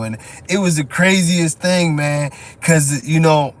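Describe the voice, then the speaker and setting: A man, telling a story in casual live-stream chat, profane and quick to laugh. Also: on the high side. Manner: loose, profane, laughs often, lots of "you know what I'm saying". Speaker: dog show judge and breeder telling stories.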